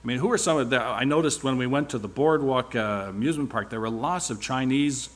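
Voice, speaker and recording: A man's voice: medium pitch, brisk. A man speaking at church, giving a rambling, informal sermon-style report with wry asides.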